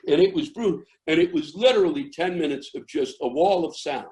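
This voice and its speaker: An older American man, a comedian, tells a rambling story that keeps restarting and builds into yelling. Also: on the high side, a little fast, rough recording. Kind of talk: storytelling interview.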